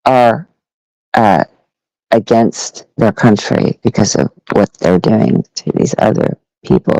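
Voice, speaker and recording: A man's voice: medium pitch, vocal fry, darkish tone, dry recording, low-quality recording. A man hosting a live audio panel, ranting in a rambling, profane, sarcastic way at listeners. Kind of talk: ranting casual monologue.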